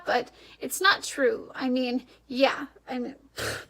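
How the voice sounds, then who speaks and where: A woman's voice: high-pitched, fairly even intonation, slow pace, creaky, a bit bright, poor audio. A young woman from Wisconsin with an Upper Midwest American accent, chatting casually in an advice vlog, rambling, laughing often and correcting herself. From Wisconsin, USA. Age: young adult. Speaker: vlogger.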